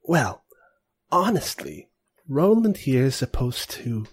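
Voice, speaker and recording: GM doing a nosy clergy woman, conspiratorial and prim, husky with a lively up-and-down voice. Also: very deep voice, takes it slowly, full character voice. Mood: confiding. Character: gossipy middle-aged woman of the royal clergy.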